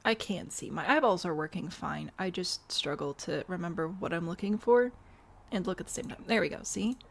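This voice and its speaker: A woman's voice: fairly low pitch, a little fast, creaky. A woman streamer chatting casually while she builds in a game, wry and self-deprecating, answering chat and hiccuping now and then. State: has the hiccups.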